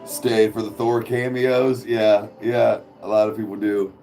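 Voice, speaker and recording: A young man casually chatting with his viewers and cooing softly to his dog. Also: lowish voice, little pitch movement, measured pace, gravelly, faint music behind. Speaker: streamer host.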